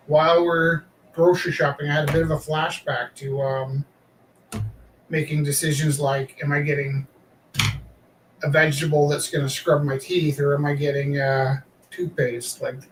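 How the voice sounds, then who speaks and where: A man rambles casually, his voice a bit high and thick with fillers. He sits back from the mic in an echoey room. A faint hiss runs underneath. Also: fairly bright tone, recorded from a distance. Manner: rambling, chatty, trails off with fillers. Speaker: live-streaming artist. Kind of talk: casual chat while drawing.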